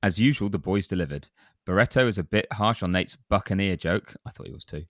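Deep-voiced man hosting a chat. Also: fast, a bit bright, no echo, clean studio sound. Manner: chatty, self-deprecating, reads reviews aloud. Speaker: podcast host. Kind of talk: casual chat, reading listener reviews.

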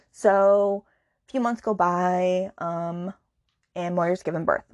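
A woman's voice: on the low side, fairly even intonation, slow pace, a little mellow, no room sound, dull audio. A woman hosting a podcast, talking through a book in a casual, indignant and sarcastic rant, with many asides to the listener. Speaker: podcast host.

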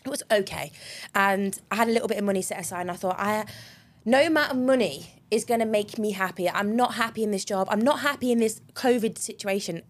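A young woman chats on a podcast as a co-host. She tells her story in a lively, animated way, with frequent laughs and casual swearing. Her voice sits at an ordinary middle pitch for a woman. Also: brisk. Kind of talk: casual chat.

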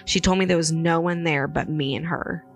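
A woman's voice: low-pitched, steady tone, normal speed, vocal fry, faint music behind. A woman co-hosting a podcast, casually retelling paranormal stories in a rambling way with many fillers. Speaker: podcast co-host. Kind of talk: casual chat, storytelling.

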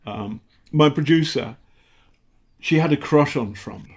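British man telling stories, halting. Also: a little high, slightly rough. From Britain. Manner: halting, many fillers and restarts, acts out quotes. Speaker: investigative journalist, interview guest. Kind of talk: casual interview storytelling.

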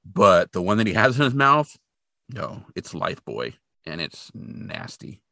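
A male podcast host with a lowish, very lively voice, retelling a film casually and acting out the characters. His tone is bright and forward, and the recording is dry and close. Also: unhurried, dry recording. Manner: animated storyteller, acts out characters, many fillers. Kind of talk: casual movie recap.

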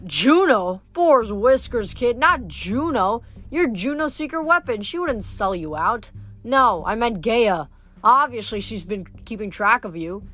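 A woman voicing a calm, impassive male war god who speaks bluntly and offhandedly. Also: on the high side, unhurried, soft background music.

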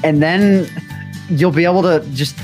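A man's voice: fairly high pitch, measured pace, darkish tone, soft background music. A man co-hosting a casual podcast, eagerly thinking aloud with fillers. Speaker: podcast co-host. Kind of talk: casual chat.

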